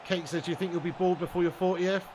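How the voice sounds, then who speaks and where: Man, young adult, high-pitched, sweary, mock-aggressive, live streamer, faint hiss. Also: fairly even intonation, fast talker, a little mellow. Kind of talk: live stream chat banter while gaming.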